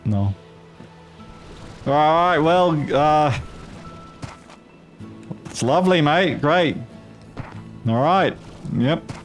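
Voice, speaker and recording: A man's voice: on the high side, animated, very slow, long pauses, soft background music. Rambling man in a put-on Australian accent. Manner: rambling, profane, jokey asides. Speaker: gaming video host. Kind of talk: casual gameplay commentary.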